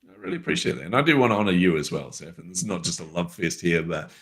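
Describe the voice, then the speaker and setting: Middle-aged male co-host with a very low voice, earnest storyteller with lots of fillers. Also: animated, very fast, a bit bright. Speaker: podcast co-host. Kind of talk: unscripted conversation on a call.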